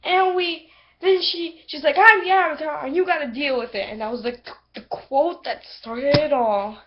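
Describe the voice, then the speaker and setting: A woman giving a casual, rambling episode review on a computer microphone, excitable and full of fillers. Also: high voice, dull audio, background noise. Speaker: video reviewer.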